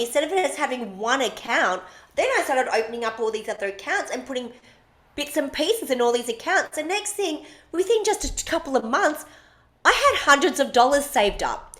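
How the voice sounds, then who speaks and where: A woman's voice: sits high, sing-song, moderate pace, a bit bright. A woman, co-hosting a podcast and telling a personal story in casual chat, blunt and emphatic, swearing freely. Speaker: podcast co-host.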